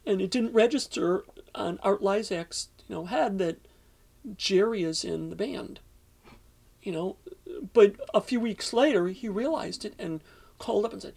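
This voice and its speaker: Gravelly rambling man telling a story. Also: high-pitched. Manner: rambling, many "you know"s and restarts. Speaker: interviewee. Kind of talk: casual storytelling.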